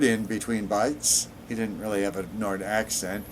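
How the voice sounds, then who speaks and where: A man's voice: fairly low pitch, flat delivery, moderate pace, hardly any pauses, a little hiss or hum. A man in his sixties reading an in-game book aloud on his gaming channel, dropping in sarcastic asides.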